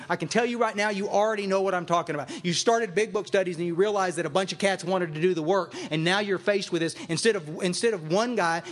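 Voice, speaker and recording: A man speaking to a meeting audience as a recovery sponsor, emphatic and repeating phrases for emphasis. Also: high voice. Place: meeting room with a live audience.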